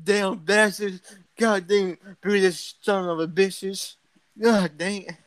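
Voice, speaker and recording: In an improvised comedy skit, a man plays a furious trailer owner who blusters and swears as he defends his trailer. His voice sits high, with fairly even intonation and a slow pace. The recording is rough, with no room sound.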